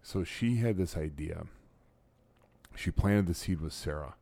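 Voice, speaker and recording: Middle-aged guy hosting a podcast, low voice, laughs a lot, keeps restarting sentences, dry close sound. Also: unhurried, creaky, no echo. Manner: animated storyteller, laughs often, stumbles and restarts. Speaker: podcast host. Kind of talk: casual podcast chat.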